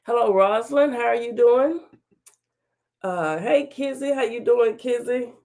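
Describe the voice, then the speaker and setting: A woman with a slightly high, gravelly voice hosts a relaxed livestream talk show. She chats in a folksy way and greets viewers one by one by name. Her voice is still a bit off as she gets over being sick. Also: unhurried. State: recovering from illness, voice slightly off.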